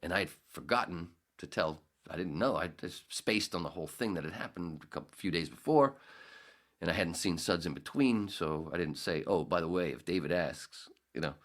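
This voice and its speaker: A man's voice: sits low, normal speed, a bit bright. A middle-aged man hosting a podcast, telling a rambling anecdote in casual storytelling style, correcting himself as he goes. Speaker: podcast host.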